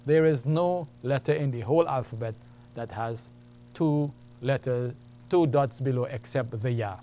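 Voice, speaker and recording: A man's voice: medium pitch, unhurried, warm tone, a little hiss or hum. A man teaching a beginners' lesson, patiently explaining and repeating each point step by step. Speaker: Arabic teacher. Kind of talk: classroom lesson.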